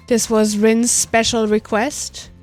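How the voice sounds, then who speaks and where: A woman streams from her home desk, her voice high and playful. She drifts into giggly baby talk with her cat between lines. Faint music plays underneath. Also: little pitch movement, very slow. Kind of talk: casual live-stream chat.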